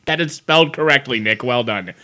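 A man co-hosting a podcast in casual chat, talking in animated, profane, enthusiastic rants with bursts of laughter. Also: medium pitch, brisk. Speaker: podcast co-host.

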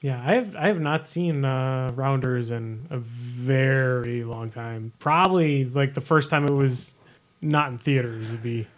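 A man's voice: mid-range voice, unhurried. A man hosting a podcast in casual chat, rambling and self-deprecating, with casual swearing. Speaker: podcast host.

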